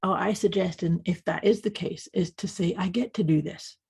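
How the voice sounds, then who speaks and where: A woman co-hosting a podcast, speaking in a lowish, husky voice with a gravelly edge. She keeps affirming her partner with quick agreements and shares coaching advice in a warm, easy chat. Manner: affirming, frequent agreeing interjections. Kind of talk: casual chat.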